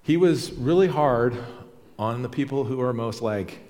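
A man's voice: medium pitch, unhurried, a little mellow, long reverb tail. A man preaching a sermon as pastor, conversational and emphatic, repeating key phrases.

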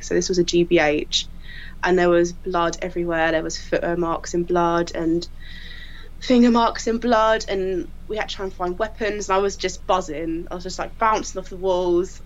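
Woman guest, lively storyteller, laughs a lot, voices quotes, slightly dull lo-fi sound. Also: lowish voice. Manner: animated, laughing storyteller who acts out quotes. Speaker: crime scene investigator guest. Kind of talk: casual anecdote telling.

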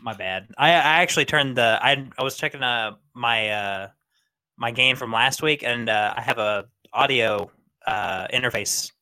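A man's voice: mid-range voice, normal speed, sharp tone, clear, resonant tone. A man calling in to a talk show over a crackly internet line, rambling with many hesitations. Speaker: caller. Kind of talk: casual call-in chat. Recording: crackly internet call audio.

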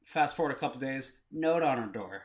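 A man's voice: mid-range voice, animated, fairly quick. A young man co-hosting a podcast, rambling through a story in casual chat and acting out the voices of the people in it. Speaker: podcast co-host.

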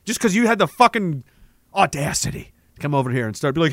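A man's voice: a little high, sing-song, quick pace, a bit bright, no echo, clean studio sound. Profane, rambling male stream host. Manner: profane, rambling, laughs often. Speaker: stream host reading viewer messages. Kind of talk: casual livestream chat.

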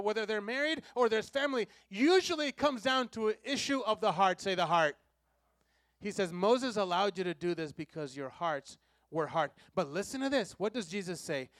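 A man preaching a sermon, leading the congregation in call-and-response and repeating key lines, swinging between loud emphasis and soft, low asides. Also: lively intonation, normal speed, no echo, studio quality. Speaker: pastor.

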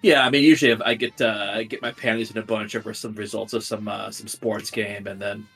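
Gravelly, sardonic man co-hosting. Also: on the low side, fairly even intonation, fairly quick, fairly bright tone, soft background music. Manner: sardonic, joking, mock conspiratorial. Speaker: podcast co-host. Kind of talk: casual fantasy football chat.

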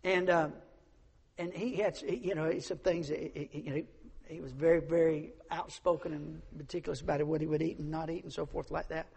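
A man's voice: on the high side, steady tone, a little fast, creaky, a little mellow, slightly rough, long reverb tail. A man preaching a sermon, emphatic, repeating his points and acting out the people in his stories. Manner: emphatic, repeats phrases, acts out quoted voices.

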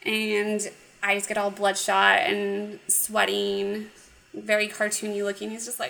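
A woman casually recapping a cartoon episode, animated and giggly, acting out the characters' lines. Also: mid-range voice, measured pace, vocal fry, low-quality recording. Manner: animated retelling with acted quotes, giggly. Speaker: podcast co-host.

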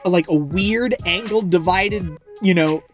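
A woman's voice: lowish voice, unhurried, soft background music. A woman in her twenties from Indiana, co-hosting a casual chat, rambling and laughing often. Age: 20s. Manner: chatty, rambling, laughs often, does silly voices. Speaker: podcast co-host.

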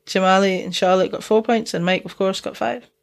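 A woman's voice: medium pitch, fairly even intonation, a little fast, vocal fry, slight background noise. Chatty Scottish woman with Dundee accent. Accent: Dundee Scottish with Geordie mix. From Scotland. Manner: laughs often, chatty and swearing. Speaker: podcast co-host. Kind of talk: casual chat.

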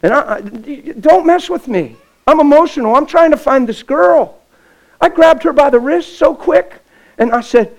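A pastor preaching a sermon with stories, impassioned and folksy, swinging from loud to hushed. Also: male voice, very high-pitched, animated, normal speed, poor audio. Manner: folksy, plain-spoken. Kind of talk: sermon with storytelling.

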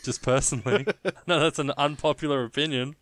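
A man's voice: a little high, steady tone, brisk, a bit bright, no echo. A man co-hosting a casual film review podcast, blunt and mocking, swearing freely. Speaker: podcast co-host.

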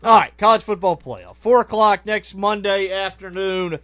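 A man hosts a sports radio show in an upbeat, easygoing way and laughs easily. His voice sits high for a man. The studio sound is dry and close. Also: normal speed, a bit bright, no room sound. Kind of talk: casual sports talk.

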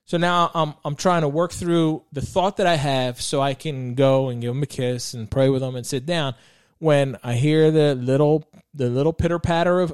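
A man's voice: a little high, darkish tone, dry recording, studio quality. A man hosting a podcast, sharing personal stories and reflecting on faith in an earnest, heartfelt way with frequent restarts. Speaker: podcast host.

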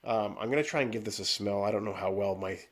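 A man's voice: fairly low pitch, quick pace. A congested man chatting casually over a video call as a podcast beer reviewer, rambling with lots of ums and restarts. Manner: rambling, many fillers and restarts. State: stuffy, congested nose. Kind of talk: casual chat.

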